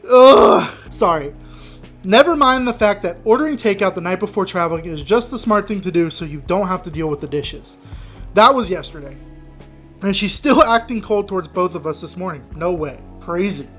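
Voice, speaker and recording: A man's voice: high voice, expressive, fairly quick, fairly bright tone, faint music behind. Exasperated man reacting to a story. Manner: exasperated, blunt, breaks into frustrated rants. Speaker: advice reaction host. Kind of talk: reading and reacting to an online story.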